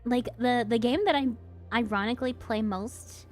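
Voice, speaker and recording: A young woman with a fairly high voice chats on her stream, giggling often as she talks. Faint music plays behind her. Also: moderate pace. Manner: giggly, laughs often, chatty. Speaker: streamer host. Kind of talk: casual chat with viewers.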